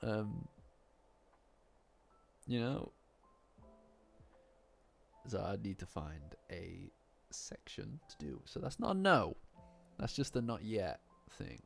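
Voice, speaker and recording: A man's voice: fairly low pitch, big pitch swings, slow, creaky, pauses often, a bit bright, soft background music. A young man chatting casually on a live stream in a rambling, self-deprecating way.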